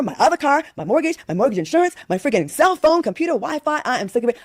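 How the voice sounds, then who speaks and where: A woman's voice: on the high side, no room sound. A woman in her fifties from Rhode Island, ranting in exasperation and swearing in casual chat.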